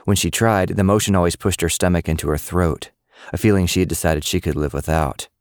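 Deep-voiced man narrating a novel. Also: fairly even intonation, fairly quick, smooth, no echo, studio quality. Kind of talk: scripted audiobook narration.

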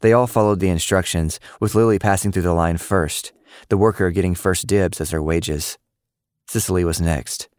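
A man narrates a story at a steady, even pace. His voice is low and smooth, and the recording is close and dry with no room sound. The delivery is plain storytelling. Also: moderate pace, dry recording. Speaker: audiobook narrator. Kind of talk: scripted narration.

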